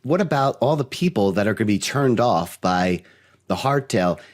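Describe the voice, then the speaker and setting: A man's voice: lowish voice, lively intonation, normal speed. A man co-hosting a podcast in casual chat, playful and teasing as he argues points. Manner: playful, teasing, plays devil's advocate. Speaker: podcast co-host.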